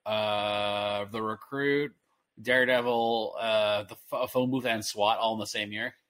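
A man in his thirties co-hosting a podcast, rambling excitedly with many restarts. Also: on the low side, a little slow. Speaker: podcast co-host. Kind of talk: casual chat.

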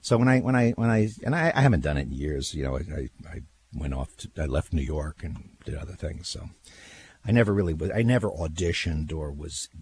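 An older man hosting talk radio, telling stories in casual chat with a husky voice and lots of repeated words. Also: extremely low pitch, brisk, slight background noise. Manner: animated storyteller, repeats words, laughs.

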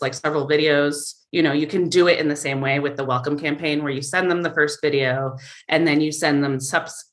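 A woman's voice: deep voice, a bit bright. A woman guest in a casual interview, explaining things thoughtfully with frequent fillers. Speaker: marketing guest.

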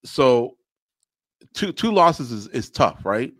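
A man co-hosting a podcast, chatting casually about fights in an animated way and slipping into mock voices. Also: mid-range voice, takes it slowly, no echo, studio quality. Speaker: podcast co-host. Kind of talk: casual MMA recap chat.

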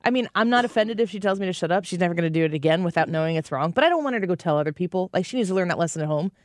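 A woman's voice: on the low side, animated, racing, dry recording, studio quality. A woman in her thirties co-hosting a casual chat show, telling playful stories and laughing often. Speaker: podcast co-host.

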